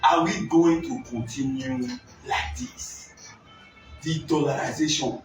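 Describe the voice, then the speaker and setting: A man from Nigeria hosting a political discussion, emphatic and often shouting, drawing out words for stress. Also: fairly high pitch, takes it slowly. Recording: echoey room, voice from far off, faint music.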